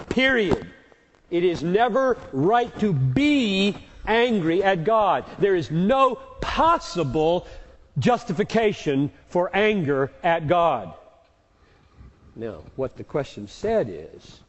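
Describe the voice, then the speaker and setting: Man, pastor, live q&a teaching, emphatic, repeats words for force, fairly high voice, dull recording. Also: sing-song, slow, long reverb tail. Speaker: pastor answering audience questions.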